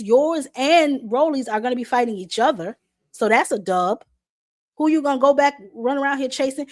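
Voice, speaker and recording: A woman's voice: sits high, no echo, clean studio sound. Sassy woman host with a sore throat. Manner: blunt, sassy, talks back to chat. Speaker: boxing show host. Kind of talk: live-stream commentary.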